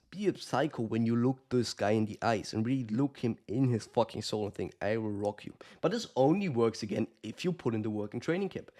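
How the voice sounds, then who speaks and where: A man's voice: mid-range voice, a little mellow. A man giving casual, blunt coaching advice to the camera, swearing often and calling the listener brother. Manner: acts out quoted lines of fighters. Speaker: combat sports coach.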